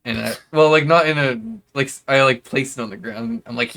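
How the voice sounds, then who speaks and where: A man plays a tabletop game in a casual, joking way, swearing now and then. His voice is very bright and sharp, at a middle pitch. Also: a little fast. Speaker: player.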